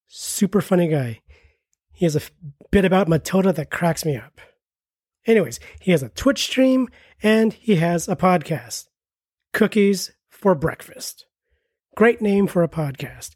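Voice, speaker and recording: In a dry, close recording with no room sound, a man in his forties reads a scripted comedy ad. His voice is fairly high, slightly husky and a little mellow, and his wry, self-mocking delivery wanders into rambling asides, as a comedy podcast promo reader's would.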